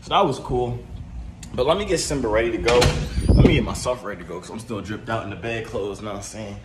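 A man's voice: fast, loud music behind the voice. Laid-back young man vlogging casually. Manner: laid-back, rambling, talks to his cat in high coaxing tones. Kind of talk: casual vlog chat. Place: at home, then in a car.

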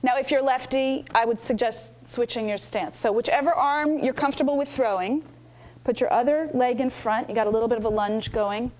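Speaking a little fast, a high-voiced female instructor leads an energetic workshop, coaching participants and acting out examples in exaggerated voices. It's captured in a dull, lo-fi room recording.

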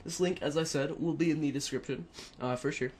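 A man's voice: fairly high pitch, steady tone, a little fast, a little mellow, a little hiss or hum. A man casually talking through a computer tutorial on a headset, rambling with many fillers and self-corrections. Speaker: tutorial narrator. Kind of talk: casual screen-recorded tutorial.

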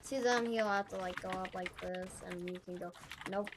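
Keyboard clicks clutter this recording of a gaming channel host whose voice sits on the low side, steady and at normal speed. She walks through a casual gameplay tutorial, thinking out loud, wandering off and fixing her own mistakes.

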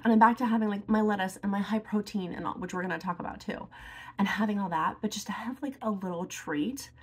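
A woman's voice: medium pitch, fast, slightly rough. A woman vlogger chatting casually to the camera while doing her makeup, chatty and emotional, sometimes teary. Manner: chatty, emotional, lots of fillers like "like". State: teary, tearful. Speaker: beauty and lifestyle vlogger.

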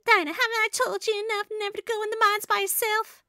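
Woman voicing a fretful doting mother, high pitch, lively, fussing tone. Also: moderate pace, dry recording, clean studio sound, full character voice. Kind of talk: reading game dialogue aloud.

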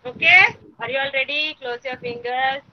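A woman's voice: sits high, moderate pace, lo-fi sound, a little hiss or hum. A woman teaching kindergarten children over a video call, giving encouraging commands, chanting drills and repeating praise. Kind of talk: online class instruction.

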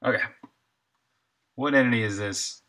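A man's voice: mid-range voice, normal speed, pushed and bright. A man who makes games alone, thinking aloud in half-finished sentences while he codes on a live stream and perks up to greet chat. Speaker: solo game developer streaming.

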